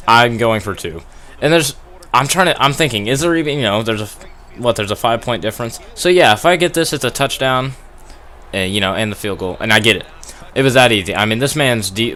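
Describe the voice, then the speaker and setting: A man's voice: lowish voice, bright, forceful tone. A young man giving casual, rambling commentary over a football video game through a gaming headset, laughing at himself and getting worked up over plays. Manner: rambling, self-deprecating, laughs often, gets worked up. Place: at home playing on a TV.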